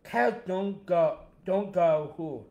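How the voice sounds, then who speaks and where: A young man co-hosting a casual chat, soft-spoken and halting, often repeating his words. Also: sits high, creaky, reverberant, muffled recording. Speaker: co-host.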